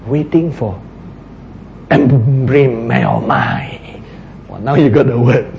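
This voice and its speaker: A man preaching a sermon, acting out quotes, sometimes shouting and then dropping to a hush. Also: mid-range voice, slow, vocal fry, lo-fi sound, slight background noise. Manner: animated, acts out quotes, shouts and drops to a hush.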